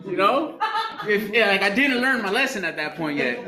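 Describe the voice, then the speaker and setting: A man in a recovery program laughs and swears through his story at a meeting. His voice sits high with lively intonation at a moderate pace, and crowd noise can be heard. The room is echoey with faint background noise.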